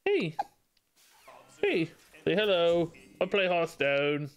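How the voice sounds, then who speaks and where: A male game streamer talks in a relaxed, drawn-out way, cooing baby talk between remarks on the game. His voice is smooth and clear, and it leaps around in pitch with a bouncy, sing-song lilt. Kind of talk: casual live-stream chat.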